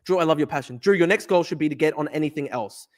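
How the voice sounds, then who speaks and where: Young man, livestream host, swearing, fired-up, rapid talk, somewhat high voice. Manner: fired-up, profane, rambling. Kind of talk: casual livestream talk reading chat. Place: at a desk at home. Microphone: desk camera mic.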